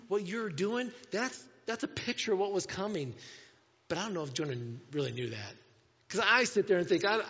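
A man preaching a sermon as a pastor, emphatic, with rhetorical questions, dropping to a hush and then rising sharply in volume. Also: sits high. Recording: long reverb, dull lo-fi sound.

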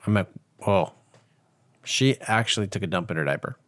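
A man's voice: sits low, lively intonation, moderate pace, fairly bright tone. A young man co-hosting a podcast, chiming in with laid-back, dry asides in casual chat. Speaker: podcast co-host.

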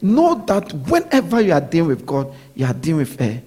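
A man's voice: on the high side, huge pitch swings, a little fast, dark tone, breathy edge. A man preaching a sermon, repeating his points and often asking his listeners whether they follow. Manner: repetitive preaching, checks in with listeners.

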